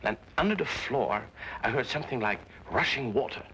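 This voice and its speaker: Nervous french interpreter, stammering, hesitant, bright voice, old TV soundtrack hiss. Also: male voice, medium pitch, animated, a little fast, poor audio. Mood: anxious. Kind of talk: 1950s TV drama acting.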